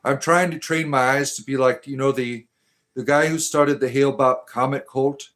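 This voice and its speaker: Hosting a livestream, a man with a Detroit accent reads viewer comments aloud and responds in a deadpan, tongue-in-cheek mystic persona. He speaks at medium pitch and normal speed.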